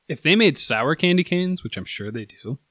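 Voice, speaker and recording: A man's voice: on the high side, bright, forceful tone, dry recording. A man chatting casually while tasting candy, laid-back with dry humor.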